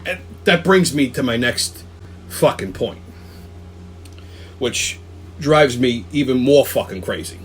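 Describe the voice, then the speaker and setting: A man's voice: medium pitch, lively intonation, slow, pauses often, a little hiss or hum. A man hosting a weekly commentary show, ranting angrily and profanely, often stopping to ask "okay?" and stumbling over restarts. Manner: profane, combative, repeats "okay?" and restarts words. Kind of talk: angry opinion rant.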